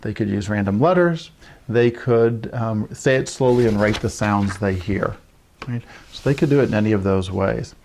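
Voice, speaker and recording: A man's voice: on the low side, moderate pace, darkish tone. A man who teaches young children explains early writing steps to parents, often checking in with "right?" and acting out what he says to children. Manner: explains with frequent "right?" check-ins and modeled child-directed lines. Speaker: early childhood literacy educator. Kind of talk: instructional talk to parents.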